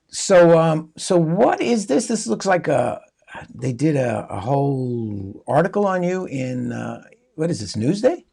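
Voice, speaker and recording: A man hosting an interview, chatting in a friendly, rambling way with halting restarts. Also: on the high side, big pitch swings, gravelly, warm tone, breathy edge. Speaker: podcast host. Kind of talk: casual interview chat.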